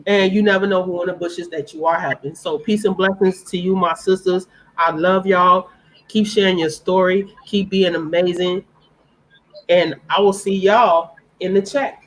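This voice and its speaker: A woman's voice: on the low side, steady tone, normal speed, low-quality recording. A woman speaking on a live-stream panel, earnest and heartfelt, repeating phrases for emphasis.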